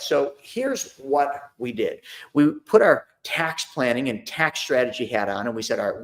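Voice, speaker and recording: Chatty middle-aged man talking money. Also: mid-range voice. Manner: conversational, repeats himself, acts out phone calls. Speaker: host of a money and investing talk. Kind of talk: casual live talk to an online audience.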